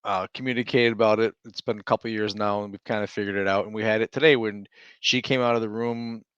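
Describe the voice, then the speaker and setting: A man's voice: lowish voice, fairly even intonation, fast talker, fairly bright tone, clean tone, no room sound, lo-fi sound. A man in his thirties, co-hosting a casual chat over a remote call, telling rambling stories and laughing often. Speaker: podcast co-host.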